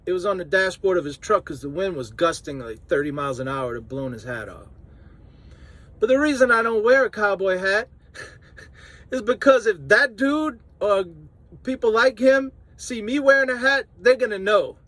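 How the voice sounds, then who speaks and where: A truck driver from New Orleans with a New Orleans accent, chatting casually to camera in a vlog and laughing often. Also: male voice, high-pitched, fairly bright tone, no echo. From New Orleans, Louisiana.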